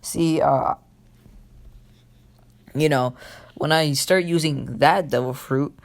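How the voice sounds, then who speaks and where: A man's voice: fairly high pitch, slow, creaky. A man voicing a cocky young male pirate who talks in an offhand, casual way.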